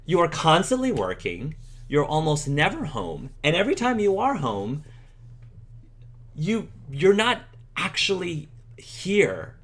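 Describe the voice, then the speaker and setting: A man's voice: on the high side, wildly swooping pitch, moderate pace. A man voicing a weary, resentful wife and mother in a tabletop role-play, speaking with tired, defensive bitterness. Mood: bitter, weary.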